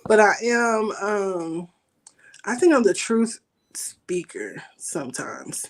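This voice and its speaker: A woman's voice: mid-range voice, expressive, slow. A woman in a casual group chat who asks thoughtful, probing questions. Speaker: participant asking questions.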